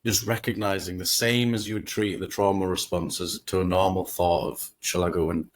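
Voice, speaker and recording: A man's voice: low-pitched, little pitch movement, moderate pace, no room sound. A man, a podcast guest, talking casually and at length, swearing freely and acting out inner voices as he goes.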